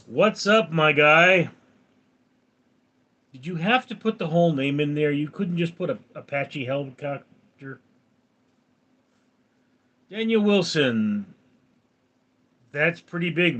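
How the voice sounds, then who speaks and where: Speaking slowly with long pauses, this man in his forties from California hosts a laid-back livestream where he reads chat messages and answers them dryly. His voice is on the high side and fairly bright, captured on a muffled recording.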